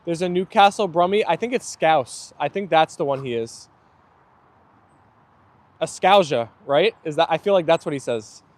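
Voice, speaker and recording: A young man streams live from outdoors, his dogs playing as he reads viewer comments aloud. His slightly high voice is brisk, with hardly any pauses, and his manner is chatty and easygoing, with frequent laughter.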